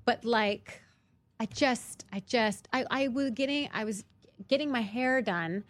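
A woman in her thirties tells a story in casual chat, her voice sitting on the higher side. She restarts her sentences often and grows animated as she goes. The sound is dry and close to the mic. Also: unhurried, no room sound. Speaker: guest.

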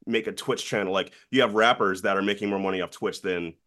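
A man's voice: lowish voice, fast. A young man talking as a guest on a podcast, chatting casually and telling stories with energy. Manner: lively storyteller who acts out quoted people. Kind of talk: casual interview chat.

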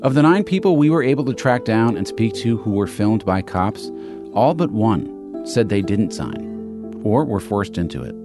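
A man's voice: on the low side, sing-song, normal speed, music in the background. A man hosting an investigative podcast, telling the story in scripted narration with pointed emphasis. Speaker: podcast host and reporter.

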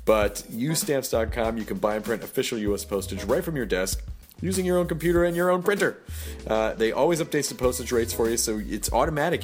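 Man, podcast host, casual ad read, rambling, jokey, self-correcting, middle pitch, faint music behind.

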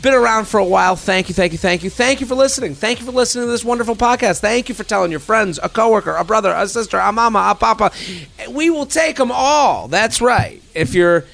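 Gravelly high-voiced man hosting a podcast. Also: fast talker. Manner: animated, playful, sing-song emphasis. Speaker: podcast host. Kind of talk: energetic podcast chat.

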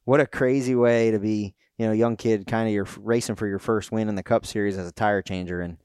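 A middle-aged man, co-host of a podcast, recounting a pit crew story in a relaxed, plainspoken way. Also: lowish voice, fairly quick, smooth, dry recording, clean studio sound. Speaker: podcast co-host, former tire changer. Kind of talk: casual storytelling chat.

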